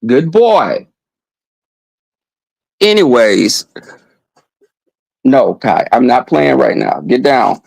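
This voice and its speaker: A man vlogging a casual story monologue, animated and profane, breaking off now and then to scold his dog. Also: mid-range voice, slow, gravelly, pauses often, no room sound, rough recording.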